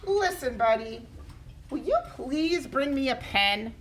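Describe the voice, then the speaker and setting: Storybook rabbit father, patient and weary, high and sing-song, read by a woman. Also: expressive, roomy sound, a little hiss or hum. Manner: repeating himself slowly.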